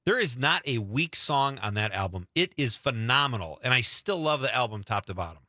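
A middle-aged male host talks in an easygoing, chatty way and laughs often. His pitch moves a lot and his tone is bright. The recording is dry and close. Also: expressive, fairly quick, no room sound. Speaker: radio show host. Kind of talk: casual chat.

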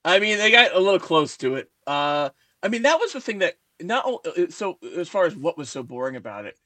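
A man's voice: high-pitched, sing-song, brisk, sharp tone, no echo. A man being interviewed as a guest writer, rambling with many fillers and laughing at himself.

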